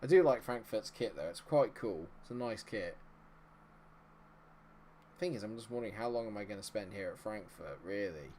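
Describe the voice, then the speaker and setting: A young man giving casual, rambling commentary while he plays a football management game, with excitable bursts. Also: on the low side, normal speed, long pauses, slight background noise. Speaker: gaming video host.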